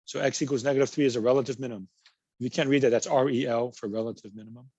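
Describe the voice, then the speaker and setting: A man's voice: mid-range voice, fairly even intonation, very fast, a little mellow, husky, no room sound, lo-fi sound. A man teaching a college math class, patiently working through examples and repeating key words. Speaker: math instructor. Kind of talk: recorded class lecture.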